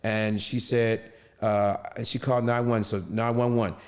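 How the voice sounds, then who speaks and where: Halting middle-aged man in long reverb. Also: lowish voice, flat delivery, a little mellow. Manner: halting, with many restarts and fillers. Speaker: interviewee. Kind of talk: personal storytelling.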